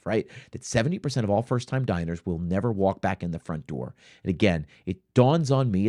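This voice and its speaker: Emphatic guy coaching restaurant owners, lively pitch, dry close sound. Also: dry recording. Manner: emphatic, rhetorical "right?" tags. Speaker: restaurant consultant, show host. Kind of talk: coaching talk to camera.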